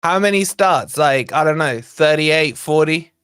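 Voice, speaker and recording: A young man hosting a football watch-along stream, talking in a fairly high voice. He rants and grumbles in exasperation while answering his chat. The sound is dry and close, with no room around it. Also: a little slow, fairly bright tone, clean tone, no echo. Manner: ranting, exasperated, reacting to live chat. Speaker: fan channel host.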